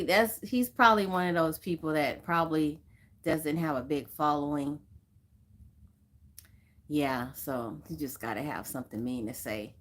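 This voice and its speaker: Slow-talking woman chatting on a livestream. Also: sits low. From Southern California. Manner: chatty, greets viewers by name, laughs often. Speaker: livestream host. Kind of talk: casual livestream chat.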